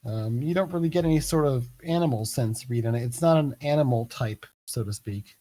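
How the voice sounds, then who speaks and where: A man serves as game master for a tabletop game, narrating briskly at a medium pitch. He sounds relaxed and hesitant, with plenty of fillers.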